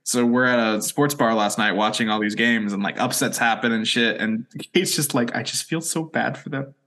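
A man's voice: mid-range voice, normal speed, a bit bright. A young man co-hosts a laid-back podcast. He tells stories with a joking edge, swears freely, and recaps a show's plot in an easy conversational way. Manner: joking, profane, storytelling. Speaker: podcast co-host. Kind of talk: casual chat and episode recap.

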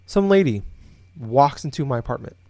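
Telling a story in a casual podcast conversation, this co-host rambles with plenty of fillers and restarts. His mid-range voice is animated and dark-toned, at a moderate pace. Recorded indoors in a home office, the sound is dry and close.

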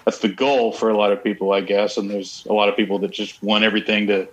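A man's voice: lowish voice, flat delivery, fast, highs cut off. Laid-back rambling man. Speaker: band member. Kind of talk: casual interview chat.

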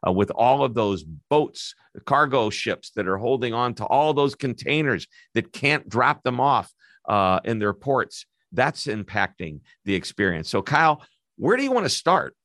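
A man's voice: medium pitch, very animated, unhurried, a bit bright, no room sound, clean studio sound. A man hosting a business interview podcast, upbeat and chatty, who sometimes stumbles over his words. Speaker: podcast host.

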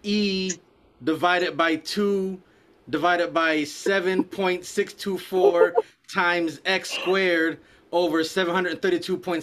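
A man in casual chat, telling a story with lots of swearing and acted-out quotes. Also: sits high. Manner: profane, animated storyteller acting out quotes. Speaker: podcast co-host telling a story.

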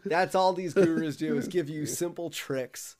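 A man's voice: on the high side, normal speed, a little mellow. A man co-hosting a podcast in casual chat, recapping an episode with frequent restarts and chuckling asides. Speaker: podcast co-host.

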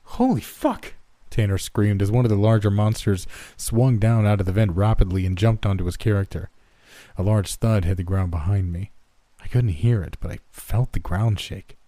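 A man narrating a scripted horror story in steady first-person telling. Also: deep voice, a little fast, dry recording.

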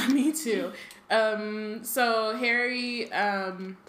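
A woman's voice: on the high side, drawn-out words, a bit bright, slight background noise. A woman hosting a casual discussion podcast, rambling with lots of fillers and trailing thoughts. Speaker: podcast host leading discussion. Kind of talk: casual chat. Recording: roomy echo.

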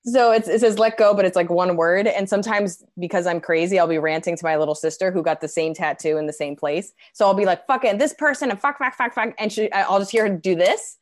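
A woman comedian chatting as a podcast guest, lively and laughing, acting out her own rants. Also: lowish voice, quick pace, hardly any pauses, no room sound, clean studio sound. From United States. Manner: animated, laughing, acts out rants. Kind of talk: casual podcast chat.

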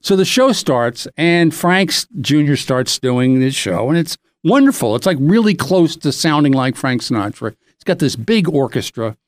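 A middle-aged man hosting a podcast, telling a rambling, animated anecdote in casual chat. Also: fairly high pitch, normal speed, hardly any pauses, no room sound, clean studio sound. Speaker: podcast host.

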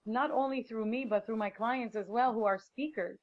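A woman's voice: on the high side, normal speed, phone-quality sound. A woman guest, a motivational speaker, telling a personal story with feeling in an interview and acting out what people said. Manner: emotional, vivid storyteller acting out quotes.

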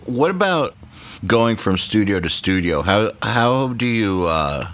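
A man hosting a casual podcast interview, agreeable and quick to laugh. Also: on the low side, big pitch swings, fairly bright tone. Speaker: podcast host.

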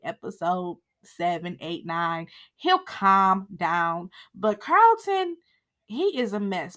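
A young woman hosting a podcast, recapping a TV episode in a sassy, slangy, animated way. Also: mid-range voice. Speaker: podcast host recapping a TV series. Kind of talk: casual recap and review.

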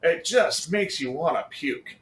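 A man's voice: a little high, expressive, unhurried, a bit bright. A man in casual chat, ranting profanely and animatedly, breaking into laughs. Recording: roomy echo.

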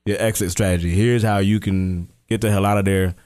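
A man with a somewhat low voice co-hosts a podcast. He talks in a relaxed, slangy way and draws out his reactions. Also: clear, resonant tone. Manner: laid-back, slangy, drawn-out reactions. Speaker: podcast co-host. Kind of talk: casual chat.

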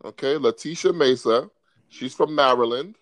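A man hosting a casual podcast, animated and quick to laugh, his voice jumping high when he gets excited. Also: no echo. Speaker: podcast host.

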